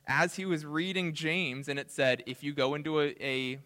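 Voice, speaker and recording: A man preaching a sermon as pastor, earnest, building to emphatic peaks and dropping to soft asides. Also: a little high, fairly even intonation, moderate pace, long reverb tail. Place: church sanctuary.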